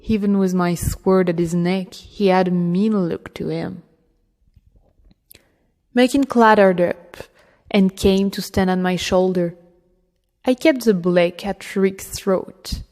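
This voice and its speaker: A woman narrates an audiobook in a slow, deliberate way, her voice sitting a little low. A long reverb from the room trails after each phrase. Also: steady tone, a little mellow. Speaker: audiobook reader.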